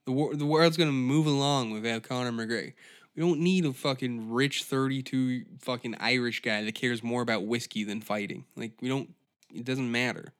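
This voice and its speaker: A man hosting a solo podcast, ranting at a steady middle pitch. He swears constantly and rambles, sounding exasperated as he talks himself in circles. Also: normal speed. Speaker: podcast host. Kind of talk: solo comedic rant.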